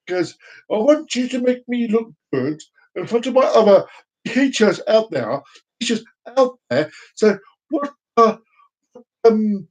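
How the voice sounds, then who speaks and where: A fawning, wheedling teacher, put on by a man, stumbling over ums as he bargains over a pupil's grade. The voice sits high for a man and keeps its halting, eager-to-please tone. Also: very animated, exaggerated voice, low-quality recording. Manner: wheedling, hesitant with many ums.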